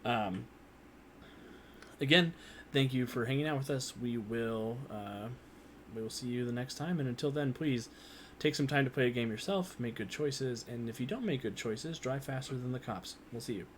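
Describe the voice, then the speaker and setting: A man's voice: medium pitch, normal speed, a little hiss or hum. A man hosting, thanking everyone and closing the show in a casual, joking sign-off.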